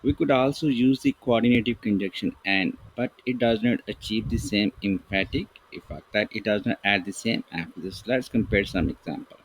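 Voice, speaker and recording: A man teaching an English grammar lesson, reading example sentences slowly and deliberately while writing with a pen. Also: fairly low pitch, husky, low-quality recording.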